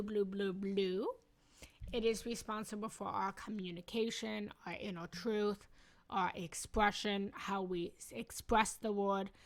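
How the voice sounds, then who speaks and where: Gravelly-voiced woman spiritual coach. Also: mid-range voice, fairly bright tone. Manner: chatty, self-interrupting, laughs at herself. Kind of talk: casual live teaching on chakras.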